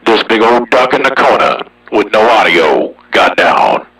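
Cocky drawling guy keying up on a cb radio, bright husky voice, kinda far from the mic. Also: fairly low pitch, expressive, a little slow. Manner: boastful, drawling, folksy. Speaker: CB radio operator hosting the channel. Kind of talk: casual radio chat.

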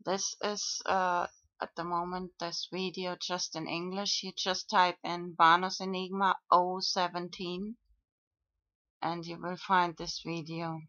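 Slow, flat-voiced woman vlogger. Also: fairly low pitch, no echo. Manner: slow, flat, with frequent pauses and fillers. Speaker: video blogger. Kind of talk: monologue reading out own comments. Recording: dull lo-fi dry recording.

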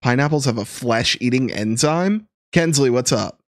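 A man's voice: medium pitch, normal speed, no room sound, studio quality. A young man streaming live, chatting casually and laughing as he ranks fruits and reads chat. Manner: chatty and laughing, animated, reading chat aloud.

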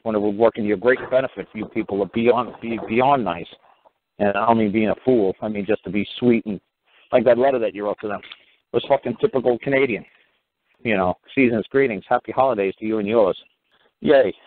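A blunt middle-aged man with a New York accent, cursing and repeating himself as he lectures a caller. His voice sits on the low side and comes through a tinny phone line. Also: a little fast, a little hiss or hum. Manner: blunt, profane, emphatic, repetitive. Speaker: talk show host. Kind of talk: animated call-in show advice.

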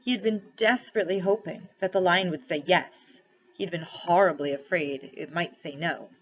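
A woman's voice: sits low, husky. A woman teacher reading a novel aloud to her class, stopping to set questions. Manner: storytelling read-aloud with pauses for questions. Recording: dull lo-fi recording.

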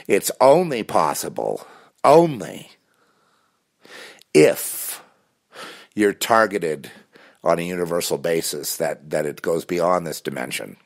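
Man, very low voice, rambling spiritual monologue, intense, repeats himself. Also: expressive, moderate pace, gravelly. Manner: intense, repetitive, many restarts and fillers.

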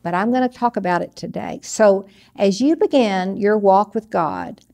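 An older woman giving a conversational sermon, teaching earnestly from personal experience in a steady, plain way. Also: medium pitch, normal speed, creaky. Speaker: Bible teacher.

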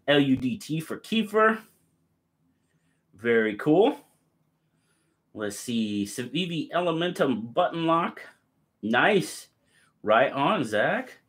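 A man hosting a live stream, cheerfully greeting and thanking viewers by name and reading their comments aloud in quick lists. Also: a little high. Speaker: livestream host.

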